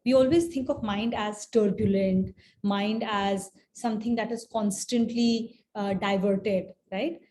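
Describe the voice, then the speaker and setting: Mellow-voiced woman teaching a scripture class. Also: medium pitch, fairly even intonation, slight background noise. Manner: conversational, keeps asking "right?"; pauses with fillers and restarts while explaining. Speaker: spiritual teacher.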